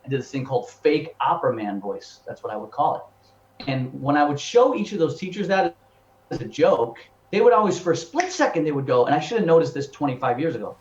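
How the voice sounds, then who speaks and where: A man in his fifties talks through his years as a singer in an animated, chatty way, circling back and repeating words as he thinks. His voice sits a little high for a man. The recording is roomy and echoey, with a dull, lo-fi tone. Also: a little fast, a little hiss or hum. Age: 50s. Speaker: professional singer and voice teacher. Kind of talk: casual interview storytelling. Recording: echoey room, dull lo-fi sound.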